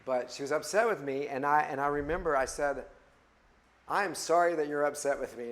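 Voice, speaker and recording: A man's voice: a little high, brisk, fairly bright tone, slight background noise. A man leading a Bible study class, speaking conversationally, putting questions to the group and often restarting his phrases. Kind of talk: interactive class teaching.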